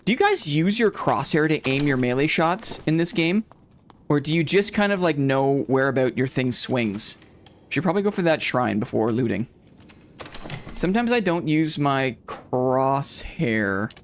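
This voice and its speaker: A man calling out a live game stream in a loose, chatty voice at a middling pitch. He thinks out loud to his viewers, repeats short phrases and turns jumpy and excited when a fight goes wrong, with a faint hiss of noise behind him. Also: unhurried. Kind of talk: live gameplay commentary.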